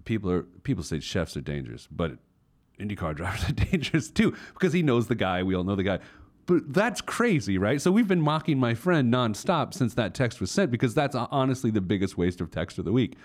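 A man with a fairly low voice that swings widely in pitch, hosting a podcast in casual chat. He tells stories with lots of fillers and restarts, and his words keep breaking into amused laughter. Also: quick pace, hardly any pauses. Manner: animated storytelling with frequent fillers and laughter. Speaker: podcast host.

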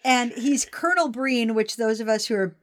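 A woman with a fairly high voice talks through a film's plot in a casual chat, and she is clearly the show's co-host. She keeps breaking into little quoted voices for the characters, lively and playful. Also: normal speed. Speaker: podcast co-host.

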